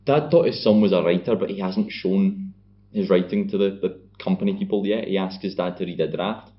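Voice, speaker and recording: Male podcast co-host, very low voice, dry sweary recaps, muffled lo-fi mic. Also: a little fast. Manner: sardonic, sweary plot recapping. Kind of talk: casual film recap chat. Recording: dull lo-fi podcast audio.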